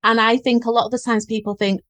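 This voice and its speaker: A woman's voice: on the high side, level tone, quick pace, fairly bright tone, no room sound. A woman with a Northern English accent, a guest business coach talking in an earnest, flowing, reflective way in a casual podcast chat.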